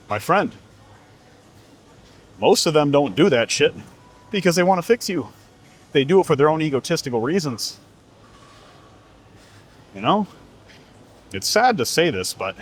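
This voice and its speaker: A man coaching about fitness in a blunt, profane, lecturing monologue. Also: medium pitch. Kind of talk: motivational monologue.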